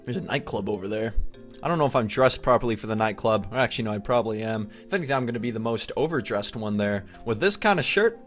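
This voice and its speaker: A young man hosting a gaming video, giving playful, excited commentary with a pleading tone. His voice jumps high whenever he gets worked up. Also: fast talker, faint music behind.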